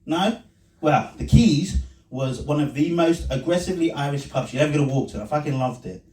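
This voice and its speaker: A man's voice: fairly high pitch, fairly quick, darkish tone. A man doing a rambling, self-mocking stand-up set at a small comedy night, breaking into laughing asides. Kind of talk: stand-up set and vlog commentary. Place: small pub comedy room. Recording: echoey room recorded from a distance.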